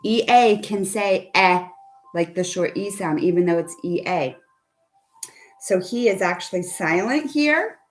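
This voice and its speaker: A woman's voice: medium pitch, expressive, a little slow, faint music behind. A woman teaching a phonics lesson to children over a video call, patient and coaxing, asking her students questions. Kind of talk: online phonics lesson for kids.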